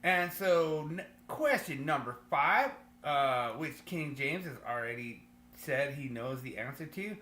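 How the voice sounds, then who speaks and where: Upbeat guy reading quiz answers on a podcast, bright tense voice, roomy echo and a faint hum. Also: a little high, animated, a little slow, hardly any pauses. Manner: upbeat, jokey, reads out quiz options. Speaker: podcast co-host running a trivia quiz. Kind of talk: casual podcast chat.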